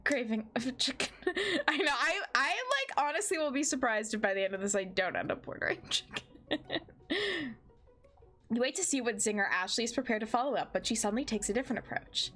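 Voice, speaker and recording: A young woman streaming a game, reading the narration and joking between lines in a giggly, excitable way. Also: a little high, fairly quick. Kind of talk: game playthrough with narration and commentary.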